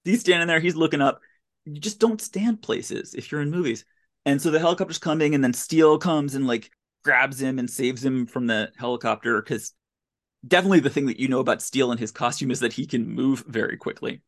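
Podcast host, casual movie recap, sarcastic, incredulous, mid-pitched voice. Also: brisk. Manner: incredulous, sarcastic running commentary.

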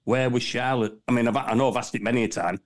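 A man's voice: medium pitch, steady tone, quick pace. A man chatting on a podcast panel, rambling and laughing at his own jokes. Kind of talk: casual banter.

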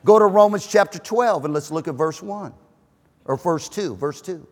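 Man, pastor, emphatic sermon, jokey, shouts at peaks, reverberant church hall. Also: sits high, normal speed. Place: church auditorium.

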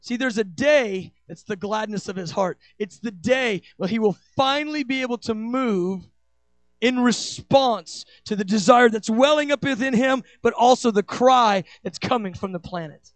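Male preacher, very high voice, fervent sermon delivery, dry close sound. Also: moderate pace, no room sound. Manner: impassioned, acts out quoted dialogue with big swings in pitch and loudness.

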